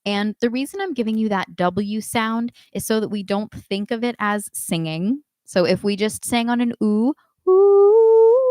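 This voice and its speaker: A woman teaching a live online singing class, giving calm instructions and demonstrating warmup sounds herself. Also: mid-range voice, no echo. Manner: coaching, demonstrates vocal exercises between instructions. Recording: dry close sound with faint piano.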